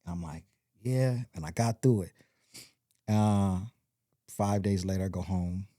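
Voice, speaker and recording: Podcast guest: low-pitched man with a mellow tone and a dry close sound, rambling through a story. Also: measured pace, no echo. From Compton, California. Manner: rambling, animated retelling with quoted voices. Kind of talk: storytelling in casual interview.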